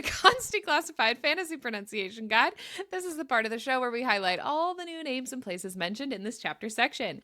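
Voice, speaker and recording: Woman podcast host, bright voice, chatty and giggly, dry studio sound. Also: medium pitch, no echo. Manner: chatty, giggly, explains terms. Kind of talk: casual podcast chat, reading a pronunciation guide.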